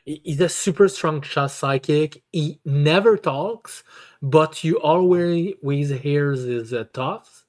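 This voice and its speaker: A man's voice: a little high, takes it slowly. A man co-hosting in casual chat, who stammers, repeats words and swears heavily. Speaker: podcast co-host.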